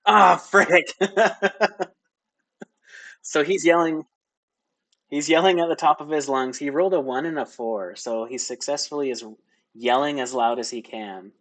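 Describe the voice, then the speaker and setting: A man's voice: medium pitch, brisk. A young man narrating as game master in casual, laugh-filled speech with many fillers.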